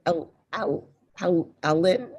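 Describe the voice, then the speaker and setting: A woman's voice: lowish voice, lively intonation, slow pace, darkish tone, slightly rough, dull audio. A woman hosting a podcast interview, chatting casually with guests and stumbling a little over names. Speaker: podcast host.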